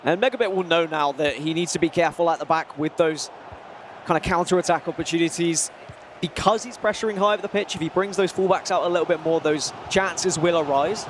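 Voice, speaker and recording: High-voiced male color commentator. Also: brisk, background noise. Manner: analytical, chatty. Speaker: esports co-commentator.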